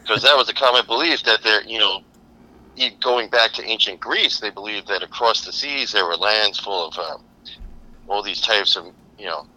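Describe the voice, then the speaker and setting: A man's voice: fairly low pitch, moderate pace, pushed and bright, low-quality recording. A man appearing as a podcast guest, telling stories animatedly with jokey asides. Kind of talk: casual podcast chat.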